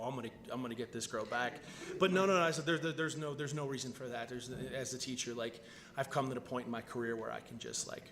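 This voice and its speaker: A man's voice: medium pitch, a bit bright, slight background noise. A man who teaches, speaking on a convention panel, telling a story with many restarts. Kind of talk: panel discussion. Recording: echoey convention hall.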